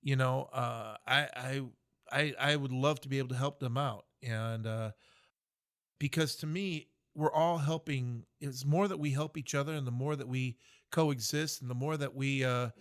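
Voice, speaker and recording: A man's voice: mid-range voice, normal speed, clean tone. Earnest middle-aged veteran man. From United States. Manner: earnest, reflective, many fillers and restarts. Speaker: guest, military veteran. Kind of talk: podcast interview.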